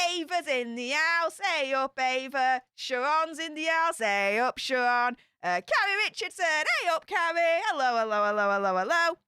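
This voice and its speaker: Woman, Yorkshire accent, high voice, dry close sound, chatty livestream host. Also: bright, forceful tone, smooth, dry recording. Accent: Yorkshire English. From Yorkshire, England. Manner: bubbly, chatty, greets everyone with "hey up". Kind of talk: casual livestream chat, greeting viewers.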